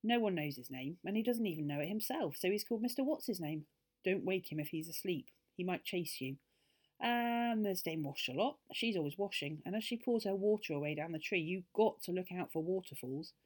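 A woman voicing a gentle, friendly female fairy who chats about her neighbours in a storybook. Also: on the low side, animated, fairly quick. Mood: friendly, chatty.

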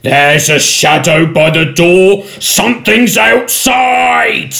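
A woman shouting as angry goblin guards. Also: medium pitch, fairly even intonation, slow, creaky, soft background music, heavily acted. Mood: alarmed. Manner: loud bellowing shouts.

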